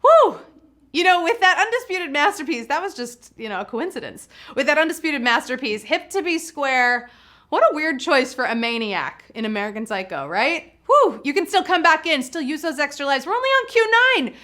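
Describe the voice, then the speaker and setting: A woman with a high, sing-song voice speaks briskly in a sharp tone. She hosts a live trivia game show, exuberant and playful, joking with the players while reading out questions and answers.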